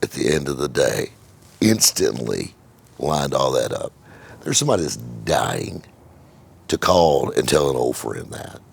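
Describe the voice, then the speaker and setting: A man's voice: extremely low pitch, sing-song, a little slow, creaky, breathy edge. A middle-aged man, a car dealer, telling a rambling, profane story in casual chat, with many repeated words. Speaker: car dealer and channel host.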